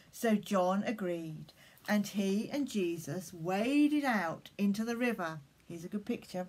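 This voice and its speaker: A woman leading collective worship for primary school children, speaking gently and reading them a story. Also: mid-range voice, expressive, slow.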